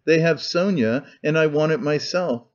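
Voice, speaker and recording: A man's voice: fairly high pitch, moderate pace, natural voice. A man voicing a bitter, brooding young man in an audiobook, sneering to himself. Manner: sneering muttering. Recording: dull lo-fi recording.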